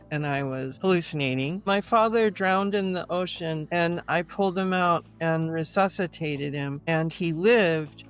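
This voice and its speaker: A woman in her sixties, a guest author, speaking slowly and reflectively in an interview conversation. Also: fairly low pitch.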